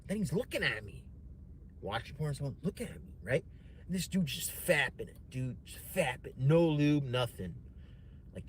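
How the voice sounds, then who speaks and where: Young guy ranting a wild story on stream, lots of cussing and "right?", bit of room noise. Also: fairly high pitch. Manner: profane, rambling, animated retelling with many fillers. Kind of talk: casual storytelling to a livestream chat.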